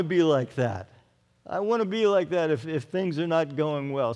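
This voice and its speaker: A man's voice: fairly high pitch, lively intonation, normal speed, a little mellow. A male pastor preaching a sermon in an earnest, emphatic way, often repeating his phrases. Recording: long reverb of a large hall.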